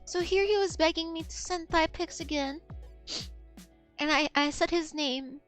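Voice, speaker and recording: A woman's voice: very high-pitched, unhurried, a bit bright, faint music behind. A young adult woman streamer telling a story in a casual, rambling way, giggling often and restarting her sentences.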